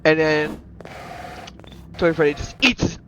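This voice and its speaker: A man narrating an improvised toy story in a rambling, excited way, restarting sentences and jumping into silly voices. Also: fairly high pitch, slow, lo-fi sound. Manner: breaks into loud silly character voices. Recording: noisy home recording with clicks.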